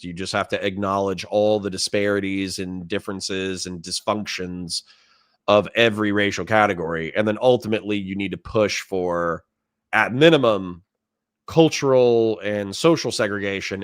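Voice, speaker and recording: A man's voice: low voice, a bit bright. A man hosting a reaction video, commenting on a played clip in an exasperated, sarcastic rant and thinking aloud as he types out lists.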